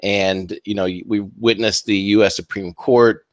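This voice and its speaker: A man co-hosting a political talk radio show, talking in a steady but halting way with many fillers. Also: lowish voice, no echo. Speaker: co-host.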